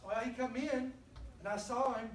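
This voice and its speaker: A woman preacher, telling a personal story to her congregation in a lively, conversational sermon. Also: on the high side, moderate pace, slight background noise. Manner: storytelling, animated, addresses the congregation directly. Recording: echoey room from a distance.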